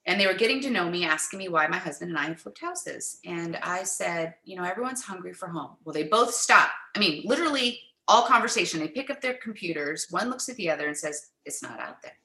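A middle-aged woman, a guest in an interview, telling a personal faith story in an animated way and acting out the quoted dialogue. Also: fairly low pitch, brisk, few pauses, reverberant, poor audio.

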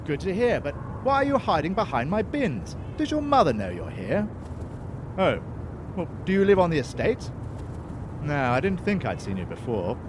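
A man's voice: a little high, huge pitch swings, normal speed, noisy background. A man playing a prim, put-upon man who mutters to himself and turns sarcastic, in a comedy audio drama. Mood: fussy.

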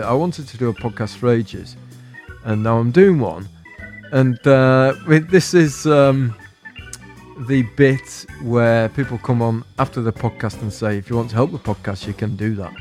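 A man performing a scripted, deadpan spoken-word comedy monologue, musing wryly on everyday words as a podcast host. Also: medium pitch.

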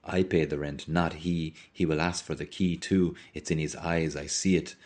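A man's voice: extremely low pitch, steady tone, darkish tone. A man as a grim, brooding young man. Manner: grim, measured.

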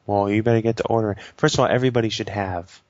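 A man with a lowish voice co-hosting a casual tech podcast, swearing freely and acting out stories for laughs. The sound is dry and a little muffled. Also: steady tone, very fast, darkish tone, dry recording. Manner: profane, joking, acts out anecdotes. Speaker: podcast co-host. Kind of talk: casual tech news chat.

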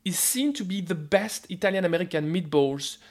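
A man with a French accent speaks in a high voice as a radio guest. He explains with animated energy and keeps repeating words at the start of his sentences. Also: a little fast. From France. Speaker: food scientist guest. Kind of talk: radio interview.

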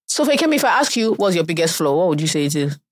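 A young Nigerian woman with a Nigerian accent co-hosting a podcast in casual chat, animated and mocking others' answers in put-on voices. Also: fairly low pitch, rapid-fire, no echo, studio quality. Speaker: podcast co-host.

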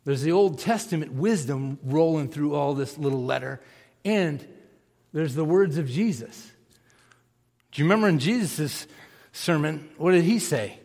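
A man's voice: a little high, animated, unhurried, gravelly, darkish tone. A man, a pastor, preaching a conversational sermon and asking his congregation questions. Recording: long reverb of a large hall.

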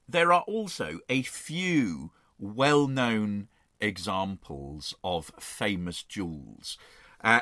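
A man's voice: on the low side, pushed and bright, no room sound, studio quality. A man guest explaining history in a rambling, enthusiastic conversational way.

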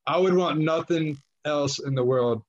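A man hosting a podcast, laid-back and slow-talking, who swears casually. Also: a little high, muffled recording. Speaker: podcast host. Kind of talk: casual crude chat.

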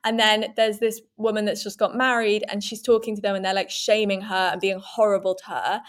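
A young woman, co-hosting a podcast in animated casual chat with quick asides. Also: medium pitch. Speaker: podcast co-host.

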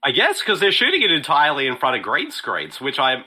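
A man's voice: mid-range voice, huge pitch swings, fairly quick, pushed and bright, husky. A man casually talking over a movie with friends, laughing often. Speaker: podcast co-host. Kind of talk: casual movie commentary chat.

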